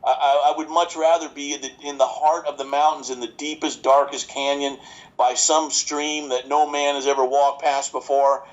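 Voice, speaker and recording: A man's voice: a little high, level tone, moderate pace. A man in his fifties rambles through his answers in a podcast interview. He jokes and restarts his sentences often, leaning on fillers. The audio is a little dull and lo-fi. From New York. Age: 50s. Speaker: chiropractor guest.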